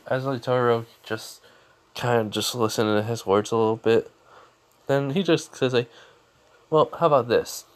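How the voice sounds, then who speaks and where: A young man spins a fan fiction story off the top of his head, with many fillers and restarts along the way. His voice sits at a middle pitch and stays casual and unscripted. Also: normal speed.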